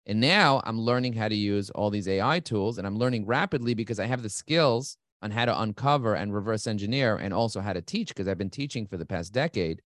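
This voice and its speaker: A middle-aged man talking as an interview guest, fast and enthusiastic, repeating key words for emphasis. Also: on the low side, a bit bright, no echo, clean studio sound. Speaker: guest, marketing agency CEO. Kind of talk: energetic interview talk.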